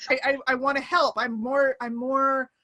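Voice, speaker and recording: Bright, animated high-voiced woman host. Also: moderate pace. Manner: animated, laughing, acts out quoted voices. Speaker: podcast host. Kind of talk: casual chat. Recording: online call.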